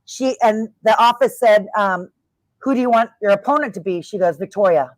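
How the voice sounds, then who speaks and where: A woman's voice: medium pitch, moderate pace, no room sound. A middle-aged woman, a former wrestler, chatting in an interview and acting out the voices of people in her stories. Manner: talkative, expressive storyteller acting out quotes. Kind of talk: casual interview chat.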